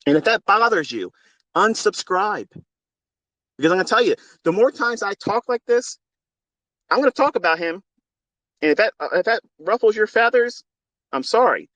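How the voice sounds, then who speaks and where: A man's voice: high voice, very animated, moderate pace, long pauses, a bit bright, no echo. Fervent middle-aged man preaching into a phone. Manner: fervent and preachy, swears casually. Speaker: trading mentor. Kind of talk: impassioned spoken monologue.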